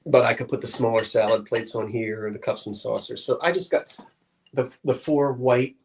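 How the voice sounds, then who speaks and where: A man's voice: medium pitch, moderate pace, slight background noise. Chatty man explaining vintage glass. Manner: chatty, explains collectibles in detail. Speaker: co-host of an antiques show. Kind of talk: casual chat about vintage glassware.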